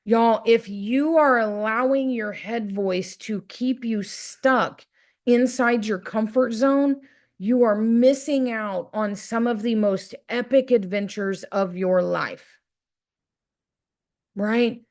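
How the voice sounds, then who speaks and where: A woman's voice: on the high side, slow pace, darkish tone. A woman telling a motivational story in a casual, chatty way, often tossing in "right?" and acting out her own inner voice. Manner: chatty, keeps asking "right?". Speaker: motivational speaker.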